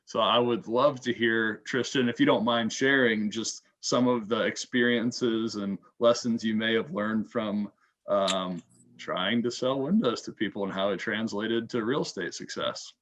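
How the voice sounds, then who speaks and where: A man's voice: fairly low pitch, a little slow, fairly bright tone. A man moderating a casual panel chat. He sounds friendly and curious as he sets up questions and hands the floor to a guest.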